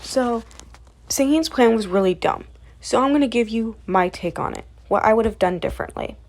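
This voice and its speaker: A woman's voice: a little high, expressive, normal speed, vocal fry, a little mellow. A woman recapping a webcomic in a rambling, chatty way, full of fillers. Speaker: comic recap creator. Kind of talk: casual comic recap.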